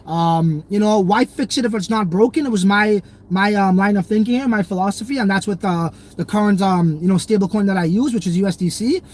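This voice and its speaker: Slightly mellow and high-pitched, this young crypto streamer talks a little fast with hardly any pauses. He rambles in slang, packed with fillers, while going through comments from viewers.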